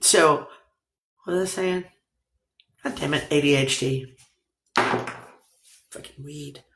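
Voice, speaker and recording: A woman's voice: sits low, takes it slowly, a bit bright, slight background noise. A woman hosting a casual livestream, rambling, laughing often and swearing casually. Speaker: livestream host. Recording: roomy echo.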